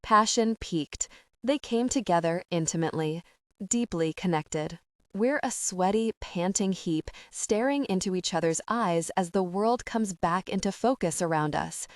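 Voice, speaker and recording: A woman narrating a first-person romance audiobook in an intimate, unhurried way. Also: on the low side, animated, no room sound, clean studio sound.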